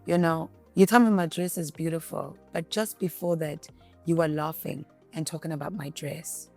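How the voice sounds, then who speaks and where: A South African woman with a low voice and some vocal fry speaks at a moderate pace in a candid interview as a guest. She switches between English and Zulu and animatedly acts out what others said, with soft music in the background.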